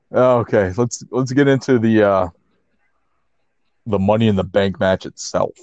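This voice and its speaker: A man's voice: lowish voice, a little slow, a little mellow, dry recording. A man co-hosting a casual podcast, recapping wrestling in a laid-back way, laughing often and saying "like" a lot. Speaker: podcast co-host. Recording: muffled lo-fi audio.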